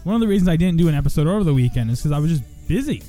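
A man's voice: fairly high pitch, lively intonation, racing, warm tone, faint music behind. A young man hosting a radio show in casual chat, rambling and self-mocking, now and then breaking into joking country singing.

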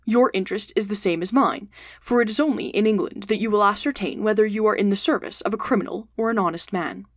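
A woman reading the part of a cool, calculating male detective in a storybook, speaking in a cold, measured way. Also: mid-range voice, no room sound, clean studio sound, natural voice. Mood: calm.

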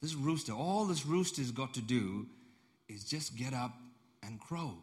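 A man's voice: mid-range voice, unhurried, a little mellow. A man preaching a sermon in a conversational storytelling way, repeating phrases and putting questions to the congregation. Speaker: pastor.

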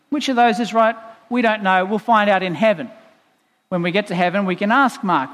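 A male pastor preaches a sermon in a church, explaining things conversationally with playful asides. His voice is high-pitched and a bit bright at a moderate pace, with long reverb from the church hall.

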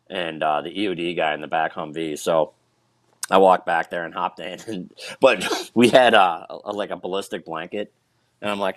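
A man, a military veteran, telling a war story in a halting way with many restarts and fillers. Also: low-pitched, fairly bright tone, dry recording. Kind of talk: casual storytelling.

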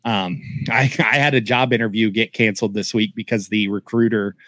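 A man's voice: on the low side, steady tone, normal speed, a bit bright, no echo. A man from Oklahoma co-hosting a podcast, chatty and joking in casual talk. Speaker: podcast co-host. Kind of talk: casual chat.

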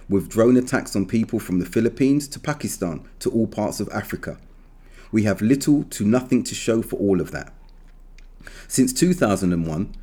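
A man reading an opinion article aloud in an earnest, measured, emphatic way, with occasional slips. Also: on the low side, dark tone.

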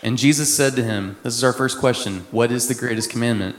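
A man from Texas, a missionary, preaching a sermon in a conversational way with quick asides. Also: mid-range voice. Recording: echoey hall with long reverb.

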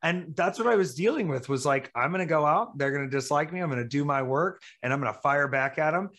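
Chatty Southern man, slightly high voice. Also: expressive, fast talker, a bit bright. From American South. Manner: chatty storyteller, acts out quotes. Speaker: guest, professional wrestler. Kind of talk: casual chat.

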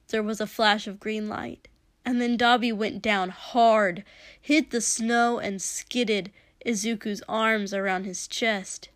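A woman narrating a story aloud in a slow, measured way. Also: mid-range voice, steady tone, a bit bright, no echo, clean studio sound. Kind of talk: reading fan fiction aloud.

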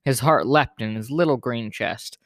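A man reads a children's picture book aloud for his podcast, relaxed and informal, now and then correcting himself. His voice sits in a middle register. The sound is dry and close to the mic. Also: medium pitch, normal speed, dry recording. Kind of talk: storybook read-aloud narration.

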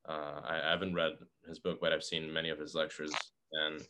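A man with an exceptionally low, deep voice joins a casual philosophical podcast discussion. He lays out his points in a measured, careful way, building the argument step by step. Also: monotone, sharp tone, clean tone. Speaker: podcast guest.

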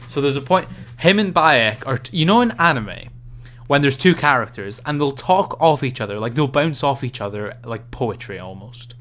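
A man's voice: mid-range voice, moderate pace. A young man co-hosting a gaming podcast, chatting casually and telling stories with animation and frequent laughs. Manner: animated storytelling, laughs often. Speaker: podcast co-host. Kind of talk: casual chat.

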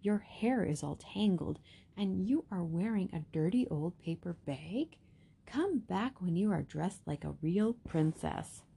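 A woman voicing a vain, snobbish young prince who speaks slowly and haughtily. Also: fairly low pitch, animated, vocal fry, mellow, breathy edge, full character voice. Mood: haughty.

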